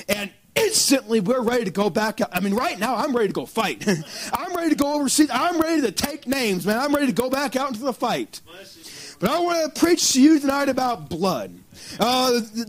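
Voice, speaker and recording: A preacher telling a story in a sermon, animated and chuckling through his anecdotes. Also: very high voice, dry recording, low-quality recording.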